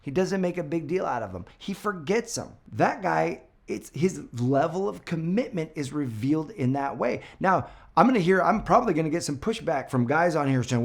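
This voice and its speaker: A man in his thirties giving relationship advice straight to his audience, conversational and animated, acting out quotes and often asking "right?". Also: fairly high pitch, moderate pace, vocal fry. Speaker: dating coach. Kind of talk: direct-to-camera relationship advice.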